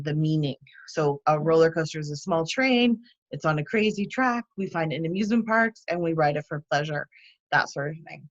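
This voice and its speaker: A woman instructor giving a demo lesson on teaching vocabulary, explaining each step clearly and patiently. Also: on the low side, muffled recording. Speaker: TESOL instructor.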